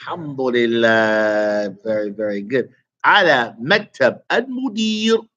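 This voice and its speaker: Male Arabic tutor, online class, quizzes and praises, casual slangy asides; a touch high, muffled lo-fi sound. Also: very animated, a little slow, a bit bright. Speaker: Arabic teacher. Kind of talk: online Arabic grammar lesson.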